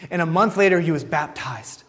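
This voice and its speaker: A man with a somewhat high voice preaches a sermon and tells its story in a lively way, playing out each exchange as he goes. His words ring out with a long reverb in a church hall. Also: a little fast. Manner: lively storytelling, acting out the dialogue.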